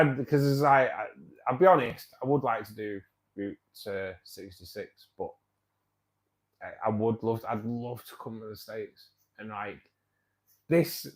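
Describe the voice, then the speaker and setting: A man, hosting a casual live-stream chat about his hobby, rambling with lots of fillers and restarts. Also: medium pitch. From England. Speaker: fishkeeping club host.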